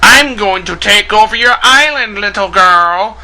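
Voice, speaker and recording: Brief: loud, melodramatic old-school cartoon villain, a man mocking it up, sneering and slow. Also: sits high, lively intonation, full character voice. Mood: menacing. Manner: theatrical, melodramatic menace.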